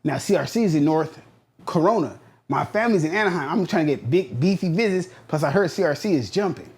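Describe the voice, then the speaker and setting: A man in his thirties from Southern California, a podcast guest telling a long story in a blunt, slangy, animated way. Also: a little high, fairly quick. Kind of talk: storytelling interview.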